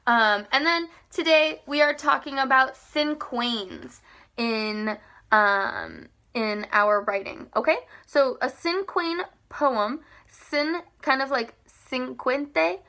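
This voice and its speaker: A woman teacher giving a recorded language arts lesson, explaining step by step in a patient way, often pausing with "um" and checking in with "okay?". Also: sits high, lively intonation, pushed and bright. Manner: frequent "um" fillers while thinking aloud.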